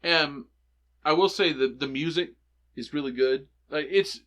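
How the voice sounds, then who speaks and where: A man's voice: on the high side, unhurried, a bit bright. A man co-hosting a movie podcast in casual chat, eagerly retelling scenes and laughing often. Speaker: podcast co-host.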